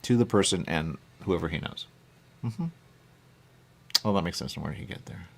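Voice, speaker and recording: A man's voice: low-pitched, moderate pace, creaky, slightly rough. A man hosting a talk radio show, chatting casually in a rambling way and often checking in with "okay?". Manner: chatty, keeps saying "okay?" and "there you go".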